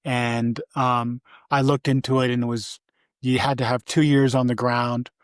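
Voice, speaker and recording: A man's voice: level tone, measured pace, clear, resonant tone, dry recording. An older man recalls his life in a casual interview. He rambles with restarts and fillers, and his voice sits in a middle range. The sound is dry and close. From Vermont, USA. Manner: briefly mimics his mother in a high voice. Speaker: interview guest.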